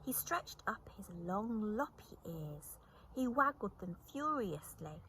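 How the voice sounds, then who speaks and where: A woman telling a children's story, expressive and animated, slipping into soft whispers. She takes it slowly and lets her voice rise and fall widely. A faint hiss of noise runs underneath. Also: medium pitch, rough recording. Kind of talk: storybook reading.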